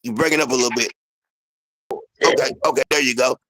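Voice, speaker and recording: A man's voice: medium pitch, fairly even intonation, fast, sharp tone, rough recording. A man hosting a casual sports talk show, rambling and repeating himself with lots of "you know what I'm saying".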